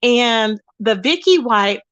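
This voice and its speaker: A woman hosting a live stream, reading her chat aloud and gossiping in an animated, chatty way, calling her viewers baby and child. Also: fairly high pitch, takes it slowly, dry recording, dull audio. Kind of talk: casual gossip commentary.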